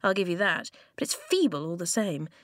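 A gruff, curt boy who drives a sled mutters short, dismissive lines, as a woman narrator puts him on. The voice is dry and close, with no room around it. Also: fairly low pitch, very animated, fairly quick, a bit bright, dry recording. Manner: terse, muttering.

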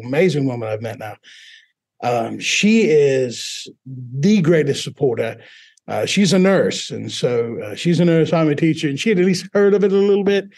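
A man from Mississippi, a teacher, telling his personal story in an interview in a relaxed, self-deprecating way. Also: fairly high pitch. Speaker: teacher and guest.

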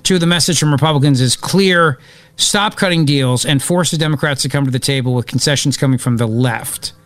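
A man hosting live political talk radio, excitable and opinionated, rambling as he reacts to events. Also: mid-range voice, fairly quick, dry recording. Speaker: radio talk show host.

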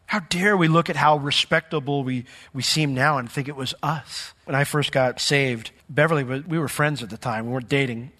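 A man preaching a lively sermon in a church, mixing stories and humor into his teaching. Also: medium pitch, normal speed, hardly any pauses. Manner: lively storytelling with humor and asides. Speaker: pastor. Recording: hall reverb from a church sanctuary.

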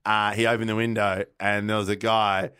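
A man, a podcast guest telling a rambling, animated story in casual conversation. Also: lowish voice, smooth, no echo, studio quality. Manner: rambling, restarts often, energetic and quick to laugh.

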